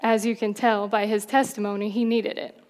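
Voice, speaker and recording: A woman in her thirties, a pastor's wife, sharing her testimony in a soft, gently self-deprecating way. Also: medium pitch, little pitch movement, moderate pace. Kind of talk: personal testimony in church. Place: church sanctuary. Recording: long church hall reverb.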